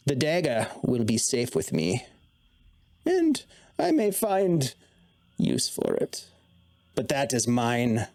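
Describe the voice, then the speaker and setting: A man voicing an old female hag in a tabletop game, speaking slowly and portentously. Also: mid-range voice, wildly swooping pitch, a little mellow, heavily acted. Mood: cryptic. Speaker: dungeon master.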